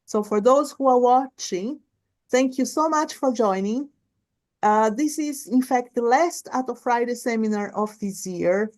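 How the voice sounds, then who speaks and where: A woman's voice: a little high, unhurried, darkish tone. A woman hosting a seminar, moderating a live online question session over a video call, chatty and restarting sentences. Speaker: seminar host.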